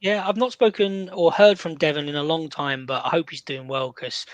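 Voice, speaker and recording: An English man co-hosting a podcast, talking casually with hesitant, stammering restarts. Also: no echo. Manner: hesitant, stammering restarts, dropping low and slow. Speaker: podcast co-host. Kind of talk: casual chat.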